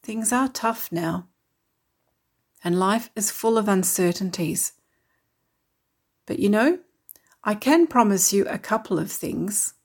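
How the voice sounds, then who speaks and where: Woman doing a storybook mother, tired, caring, gentle, reassuring, medium pitch. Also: lively intonation, slow, long pauses, slightly rough, heavily acted.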